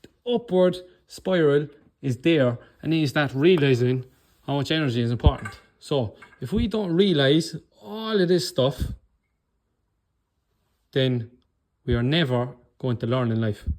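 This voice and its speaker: A man's voice: mid-range voice, animated, a little slow, a little mellow. A man with an Irish accent, coaching in a motivational talk, speaking with controlled anger and passion and often checking in with "okay?". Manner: blunt, swears, keeps checking in with "okay?".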